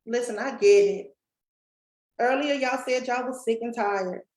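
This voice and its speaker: A woman's voice: on the high side, a little slow, darkish tone, echoey room, low-quality recording. A woman giving a folksy motivational talk to a live and online audience, speaking straight to the crowd. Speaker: summit speaker and coach.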